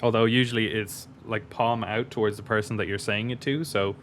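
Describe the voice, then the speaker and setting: A man co-hosting a podcast in casual chat, chatty and playful and quick to laugh. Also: fairly low pitch, fairly even intonation, slight background noise. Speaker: podcast co-host.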